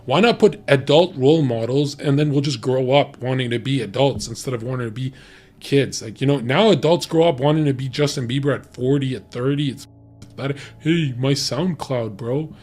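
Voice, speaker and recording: A man's voice: mid-range voice, normal speed, a little mellow, faint music behind. A man talking bluntly and profanely in a heated, ranting casual chat about dating. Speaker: podcast guest giving dating opinions.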